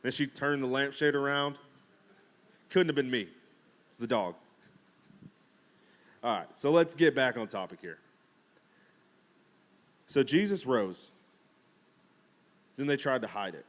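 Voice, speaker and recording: A man's voice: medium pitch, lively intonation, measured pace, pauses often, fairly bright tone. A man preaching a casual, conversational sermon, acting out quotes with jokes and asides. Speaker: pastor.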